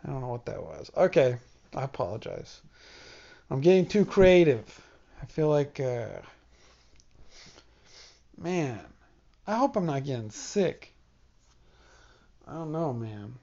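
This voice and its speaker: He talks slowly in a sing-song way, pausing often, his medium-pitched voice dark and stripped of its highs. His nose is congested as he hosts his solo podcast, rambling wryly, teasing himself and speaking directly to whoever's listening.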